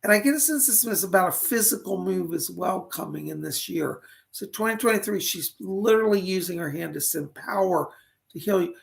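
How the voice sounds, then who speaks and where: A man's voice: high voice, lively intonation, fairly quick, vocal fry. A man hosting a live online psychic reading, talking chattily, greeting viewers by name, and losing his voice.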